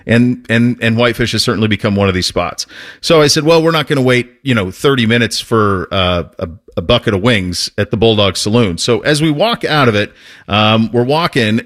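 A man hosting a talk show, telling a casual, animated story with frequent restarts and laughs. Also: medium pitch. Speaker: host.

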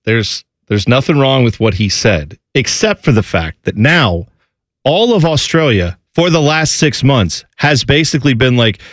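Animated man chatting about sports. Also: mid-range voice, moderate pace, no echo, studio quality. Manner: chatty, explanatory, jokey asides. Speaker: sports talk show host. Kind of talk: casual sports talk chat.

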